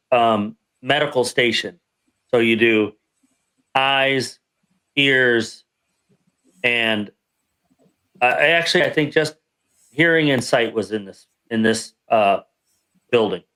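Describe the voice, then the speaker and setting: A man's voice: mid-range voice, a bit bright, smooth. A man on a podcast telling a rambling story about his army training, correcting himself as he goes and acting out the people he quotes. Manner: rambling, self-correcting anecdote with acted-out quotes. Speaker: podcast guest veteran. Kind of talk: casual storytelling.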